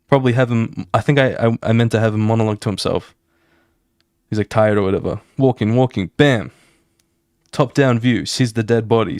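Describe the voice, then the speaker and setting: A man who streams his drawing, casually walking viewers through his comic pages with animated, fast talk, swearing and sound effects. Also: fairly low pitch, no echo, studio quality.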